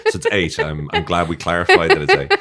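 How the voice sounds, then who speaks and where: Irish man, very low voice, joking and self-deprecating, chatty podcast guest, lots of fillers. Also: huge pitch swings, quick pace, a crowd in the background. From Ireland. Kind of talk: casual interview chat.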